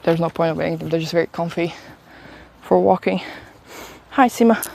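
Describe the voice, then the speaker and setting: A young woman, sick and stuffy, live-streams from her phone while walking uphill outdoors in a town. She rambles through stories in a chatty way, laughing and swearing often, in a lowish, creaky, slightly mellow voice at a moderate pace.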